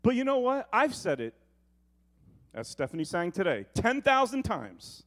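A middle-aged man preaching a sermon with a fairly high voice. His delivery leaps between loud, emphatic declarations and hushed, chatty storytelling, with pitch rising and falling widely. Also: huge pitch swings, moderate pace. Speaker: pastor.

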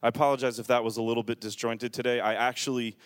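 A man preaching a sermon in a church with a handheld microphone, moving between quiet, reflective passages and loud, fervent calls to his congregation. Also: mid-range voice, flat delivery, quick pace, no room sound, studio quality. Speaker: pastor. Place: church sanctuary.

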